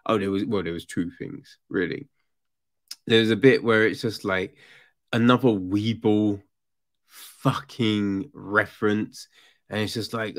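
A man's voice: lowish voice, a little slow. A man on a podcast, casually ranting about a book, swearing a lot and mocking the characters. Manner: animated, profane, mocking voices of characters. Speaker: podcast host. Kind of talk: casual book review rant.

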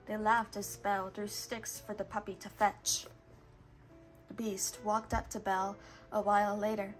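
A woman reading a children's storybook aloud in a steady, patient way, now and then correcting a word. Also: medium pitch, a little slow, soft background music. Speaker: storybook reader.

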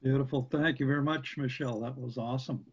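Halting man moderating a Q&A. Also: mid-range voice, steady tone, slightly rough. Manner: halting, friendly, many fillers. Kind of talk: live Q&A moderating. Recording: dull lo-fi recording.

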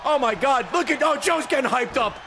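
A man streaming a game and giving excitable play-by-play commentary, swearing and laughing often. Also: extremely high pitch, fairly quick, creaky, a little hiss or hum. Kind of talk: live-stream gameplay commentary.

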